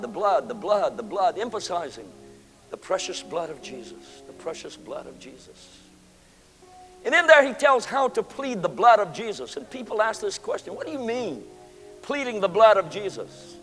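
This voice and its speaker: A man preaching in a church sanctuary, his voice high and bright. He swings from ringing declarations down to near whispers, and a long hall reverb trails every phrase over faint music. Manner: preaching with dramatic swings between loud and hushed. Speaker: pastor. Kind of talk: sermon.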